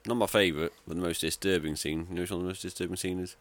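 A man's voice: low voice, fairly even intonation, racing, no echo. A man in casual film chat, restarting his sentences and teasing the others.

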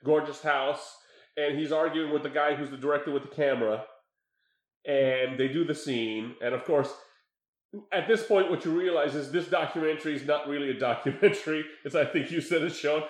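A man hosting a casual chat, telling stories in an animated way and laughing often. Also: on the high side, normal speed. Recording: roomy echo.

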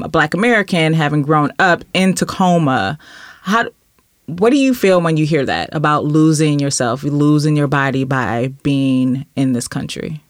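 A woman's voice: low voice, no room sound, studio quality. Woman moderator asking direct questions. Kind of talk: roundtable moderation.

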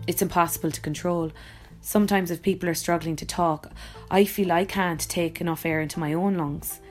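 A woman's voice: fairly low pitch, darkish tone. Irish woman reading her own blog. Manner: reflective, wry and personal. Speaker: actor and voice-over artist.

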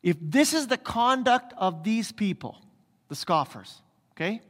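Male pastor, emphatic sermon delivery, rhetorical questions, high voice, long church-hall reverb. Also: very animated, unhurried, fairly bright tone.

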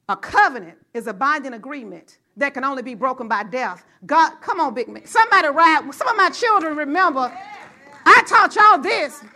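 High bright-voiced woman preaching. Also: normal speed. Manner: excitable, rising to shouts, talks to the congregation. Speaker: pastor. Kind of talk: sermon. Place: church.

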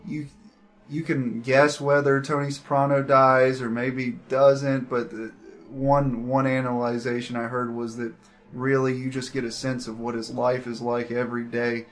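A man's voice: medium pitch, level tone, unhurried. Easygoing young man musing on a podcast. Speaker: podcast co-host. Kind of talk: casual chat.

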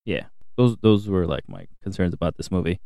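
A man with a low, dark and mellow voice co-hosts a podcast, talking casually and swearing as he rants. The recording is dry and close. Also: brisk, vocal fry, no room sound. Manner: animated, profane ranting. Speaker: podcast co-host. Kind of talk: casual chat. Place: home podcast setup.

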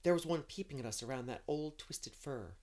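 A man's voice: mid-range voice, animated, brisk, darkish tone, lightly acted. A man reading aloud and voicing Anne, an imaginative, eager young girl who talks in a rush of romantic fancy. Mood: hushed dramatic.

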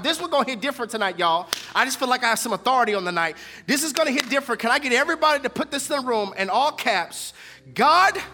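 A man preaching a sermon. He moves between hushed, whispered lows and loud, almost sung peaks. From Houston, Texas. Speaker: pastor. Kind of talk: sermon with prayer.

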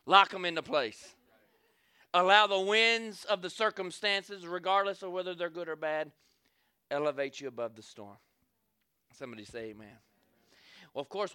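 A man's voice: high voice, no echo. A man preaching a sermon, telling a story and calling on the crowd for amens, acting out scenes as he goes. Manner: animated, calls for amens, acts out scenes.

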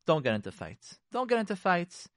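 A man hosts a radio advice talk on marriage, driving his points home through repetition. His lively voice swoops up and down as he acts out sarcastic quotes, and it sits a bit high. It is recorded close and dry. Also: normal speed, dry recording. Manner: repetitive, emphatic. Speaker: radio talk show host.

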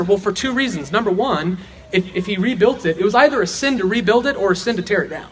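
High-voiced man teaching a Bible passage. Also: expressive, quick pace, a little hiss or hum. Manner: explains with rhetorical questions and answers them; earnest, emphatic. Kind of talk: verse-by-verse sermon teaching.

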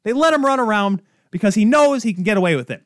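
A man's voice: high-pitched, animated, quick pace, no room sound, clean studio sound. A man hosting a sports podcast, ranting in an exasperated, sarcastic way. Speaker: podcast host. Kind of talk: heated sports rant.

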